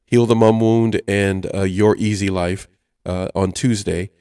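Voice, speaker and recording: A man's voice: lowish voice, fairly even intonation, unhurried, mellow, clean tone, dry recording, studio quality. A man hosting a casual radio talk show, reading items aloud in a chatty way. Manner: chatty, reads list items aloud, chuckles often. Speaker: host.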